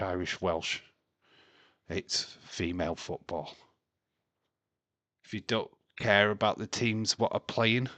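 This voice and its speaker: Laughing a lot and teasing the viewers in his chat, a livestream host keeps up casual, chatty commentary during a wrestling watch-along. His voice is fairly low-pitched and fairly bright, with no echo.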